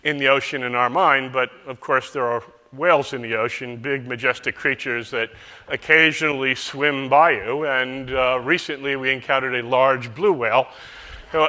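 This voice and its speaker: A man's voice: medium pitch, pushed and bright. A man giving a conference keynote, telling folksy stories to make his points, recorded on a stage microphone in a large hall. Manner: folksy storytelling with metaphors. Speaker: keynote speaker.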